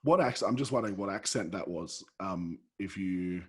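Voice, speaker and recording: A man with an Australian accent hosting a podcast, effusive and quick to laugh, often repeating himself as he talks. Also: low-pitched, expressive, husky. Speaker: podcast host. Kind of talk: casual interview chat.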